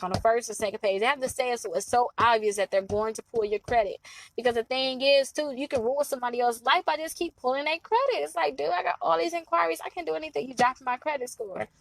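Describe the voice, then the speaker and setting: A woman's voice: a little high, poor audio. A woman from Milwaukee giving casual to-camera advice on credit repair, chatty and laughing, acting out clients' voices. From Milwaukee, Wisconsin.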